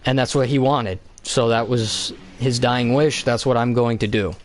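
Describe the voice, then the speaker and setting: A man streaming a game who rambles through a profane, animated retelling in casual chat. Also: mid-range voice, moderate pace, hardly any pauses, a little hiss or hum. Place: home basement.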